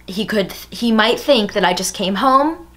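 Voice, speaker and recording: A woman's voice: medium pitch, animated, unhurried, fairly bright tone. A young woman telling a personal story in a casual vlog, chatty and full of "like.". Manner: chatty, fillers of "like" throughout. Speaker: storytime vlogger.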